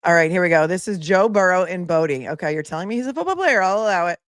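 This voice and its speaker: A woman's voice: fairly low pitch, lively intonation, fast, no room sound, studio quality. A woman attorney hosting a live commentary stream, chatty and sassy, laughing often as she talks to viewers.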